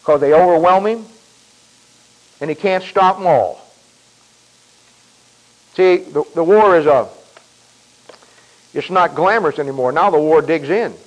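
A man preaching a sermon in a folksy, emphatic way, repeating himself and clearing his throat often. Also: a little high, measured pace, pauses often, low-quality recording.

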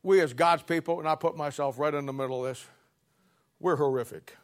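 A man delivers a sermon in a blunt, scolding, plain-spoken way. His voice sits a little high for a man. He drops to quiet murmurs, then climbs to loud, emphatic peaks. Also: brisk. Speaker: preacher.

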